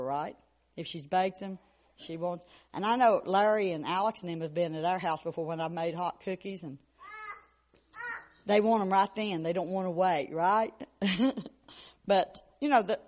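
An adult giving a children's sermon in a church, gently asking the children questions as they talk. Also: mid-range voice.

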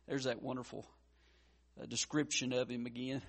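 A male pastor preaching a sermon, with frequent stammered restarts and wide swings between loud urgency and hushed tenderness. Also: mid-range voice, little pitch movement, normal speed, vocal fry, pauses often.

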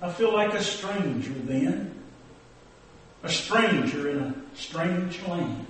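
A man's voice: high voice, expressive, slow, fairly bright tone, a little hiss or hum, heavily acted. A man playing a folksy old preacher. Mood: preachy. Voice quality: drawling rural dialect, folksy and homespun. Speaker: storytelling preacher character. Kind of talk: comic monologue with hymn snatches. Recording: very echoey recording from far off.

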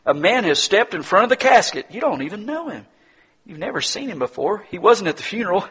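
A man preaching a sermon, telling the story dramatically and swinging from hushed tones to loud declarations. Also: high-pitched, sing-song, brisk, husky.

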